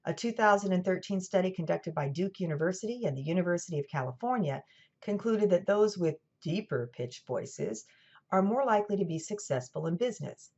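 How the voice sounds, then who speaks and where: Woman lecturer with a General American accent, a touch low, measured delivery, dull recording. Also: animated, a little mellow. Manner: clear, measured explaining with dry asides. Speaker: college lecturer. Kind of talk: scripted lecture narration.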